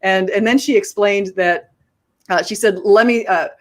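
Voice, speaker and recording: A woman hosting a casual video chat, telling a story with animated quoted asides and frequent restarts. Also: medium pitch, normal speed. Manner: animated storytelling, quoting others. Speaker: host.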